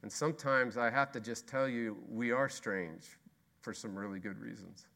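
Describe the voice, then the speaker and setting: A man preaching a sermon as pastor, emphatic and repetitive, swinging between loud exclamation and hushed intensity. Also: mid-range voice, normal speed, creaky. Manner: repetitive rhetorical questions.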